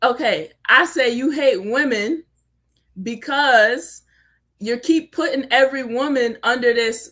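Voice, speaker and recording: A woman co-hosting a livestream talk show pushes back combatively in a heated argument. She speaks slowly with a bright, fairly high voice. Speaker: co-host.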